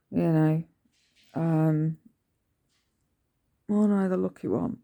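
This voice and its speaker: Middle-aged woman rambling into her phone at home, slow and gravelly, lots of ums. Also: low-pitched, dark tone. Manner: rambling, chatty, with many ums and restarts. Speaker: vlogger. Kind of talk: casual early-morning vlog chat. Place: at home indoors.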